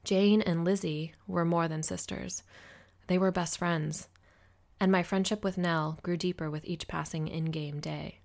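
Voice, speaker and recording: A woman reading a first-person novel as audiobook narration, in a steady, measured way. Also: fairly low pitch, creaky.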